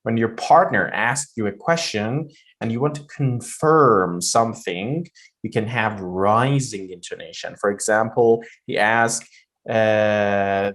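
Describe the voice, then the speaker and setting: A man teaching pronunciation in a deliberate way, repeating phrases to show how the voice rises and falls. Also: lowish voice, fairly bright tone. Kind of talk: slow spoken lesson.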